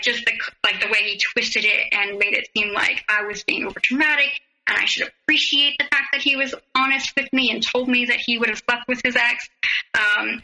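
A woman guest telling her own story in an interview, close to tears, halting and full of fillers. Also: a little high, gravelly, sharp tone, poor audio. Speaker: podcast guest.

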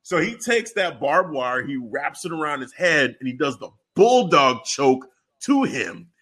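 Bright, energetic man in casual chat. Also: on the high side, unhurried, breathy edge. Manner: animated storyteller, loose and slangy. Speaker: podcast co-host.

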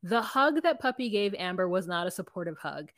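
A woman's voice: fairly low pitch, sing-song, brisk, no room sound, clean studio sound. A woman co-hosting a podcast, recapping reality TV in casual chat and acting out quotes with animation. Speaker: podcast co-host.

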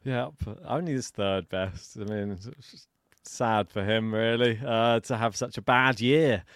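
A man co-hosting a podcast, chatting casually about tennis, animated and laughing often. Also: lowish voice, unhurried, clean tone, no room sound, clean studio sound. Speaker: podcast co-host.

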